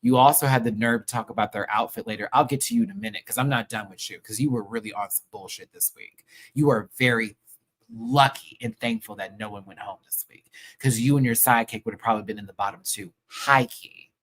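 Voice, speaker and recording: A man's voice: on the low side, fairly even intonation, quick pace, a bit bright. A man hosting a live review show, ranting in a sassy, heated and profane way full of slang. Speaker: show host reviewing a TV episode.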